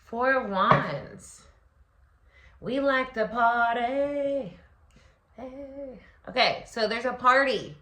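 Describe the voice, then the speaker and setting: A woman gives a solo tarot reading in a bright, forward voice. She talks freely with plenty of fillers and slips into acted-out inner voices. The recording carries a noticeable echo from the room. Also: fairly high pitch, drawn-out words. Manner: expressive, many fillers, acts out inner voices. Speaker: tarot reader and astrology host.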